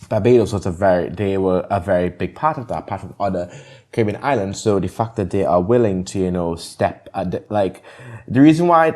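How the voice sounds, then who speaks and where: A man co-hosting a casual podcast, animated and affirming, laughing easily. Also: lowish voice. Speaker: podcast co-host.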